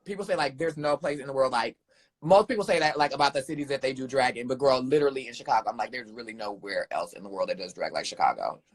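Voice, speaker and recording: A young man, a drag performer guest in a casual live chat, animated and sassy, calling people "girl" and "honey". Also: mid-range voice, quick pace, husky.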